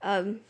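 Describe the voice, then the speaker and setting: A woman casually reads aloud a fan story she wrote, rambling and sounding self-conscious as she keeps restarting and adding asides.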